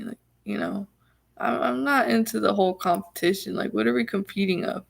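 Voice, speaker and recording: A woman's voice: on the high side, expressive, normal speed, gravelly. A young woman vlogger casually telling viewers a personal story, chatty and full of restarts and laughter.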